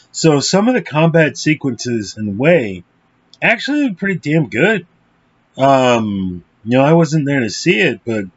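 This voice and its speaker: A man's voice: mid-range voice, husky, muffled recording. Blunt, rambling man reviewing a film. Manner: blunt and profane, with frequent fillers. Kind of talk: casual, rambling movie review.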